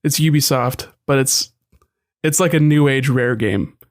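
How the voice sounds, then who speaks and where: A man's voice: mid-range voice, measured pace. A young man talking games on a podcast, his voice sitting in an ordinary middle register. He rambles casually and often circles back to restart a thought. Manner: rambling, many restarts and asides. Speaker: podcast co-host. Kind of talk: casual chat.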